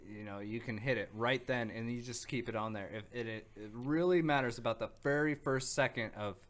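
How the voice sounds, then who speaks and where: A man's voice: mid-range voice, fairly quick, fairly bright tone. Rambling man co-hosting a casual podcast. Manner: rambling, full of fillers and restarts. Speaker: podcast co-host. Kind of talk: casual chat.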